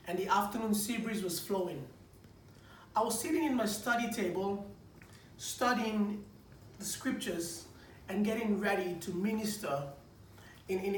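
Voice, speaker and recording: A man, a preacher, giving a personal testimony in a lively storytelling manner, stumbling over restarts and repeating words as he goes. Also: high-pitched. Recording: echoey room, distant mic, faint noise.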